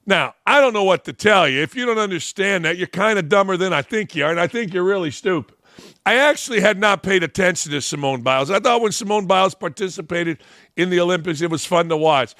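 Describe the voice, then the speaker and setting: A man's voice: sits high, fast, fairly bright tone, no echo, studio quality. A middle-aged man hosting a sports talk show, ranting bluntly and mocking his targets. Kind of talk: opinion rant.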